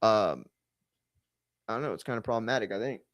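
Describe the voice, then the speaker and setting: A man hosting a casual reaction commentary, talking in an animated, profane and rambling way, often restarting his sentences. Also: lowish voice, a little fast, no echo, muffled recording. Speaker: host.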